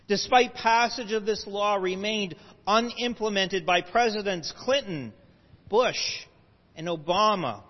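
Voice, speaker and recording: A man with a high-pitched voice lectures a live audience, explaining patiently and breaking off for asides and self-corrections. His voice carries a long hall reverb, and the recording sounds muffled and lo-fi.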